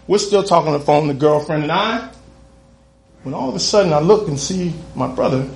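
A man doing stand-up, telling a story with lively delivery, laughing as he goes and acting out the other people in it. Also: a little high, a little fast, creaky, echoey room. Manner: animated, laughs through his own story, acts out other voices. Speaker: comedian.

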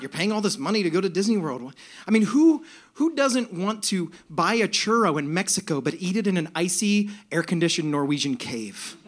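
A man's voice: a little high, a bit bright. Sardonic man telling a story on stage. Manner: sardonic, building to bursts of mock outrage. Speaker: storyteller performer. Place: stage before a laughing audience.

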